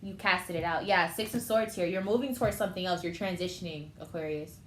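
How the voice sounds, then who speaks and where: A woman's voice: on the low side, brisk, fairly bright tone, slight background noise. Emotional young woman reading tarot. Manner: emotional, chatty, thinking aloud. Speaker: tarot reader. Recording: echoey room with faint ambience.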